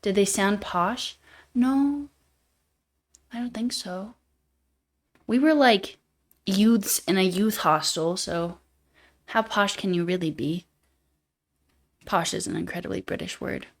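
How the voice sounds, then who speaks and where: A woman's voice: mid-range voice, slow, long pauses. A young woman live-streaming as she codes, thinking aloud, joking at her own expense and answering chat as she goes. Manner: thinks aloud while coding, jokey and self-deprecating; answers viewer chat in passing. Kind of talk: casual live coding stream.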